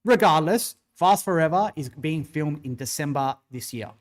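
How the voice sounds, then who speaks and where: Opinionated Australian man, slightly high voice. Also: expressive, moderate pace. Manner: opinionated, rambling, swears freely. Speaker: wrestling show host. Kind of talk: casual livestream commentary, answering chat.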